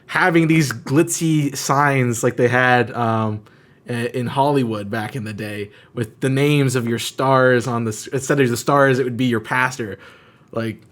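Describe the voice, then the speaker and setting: A man's voice: mid-range voice, a little slow. Candid joking young man co-host. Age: young adult. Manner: candid, joking, animated asides. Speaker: podcast co-host and worship leader. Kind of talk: casual podcast chat.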